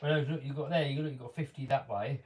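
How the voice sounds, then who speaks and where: A man's voice: medium pitch, steady tone, fast, a little mellow, recorded from a distance, a little hiss or hum. A man hosting a casual live stream, chatting and reading viewer comments aloud.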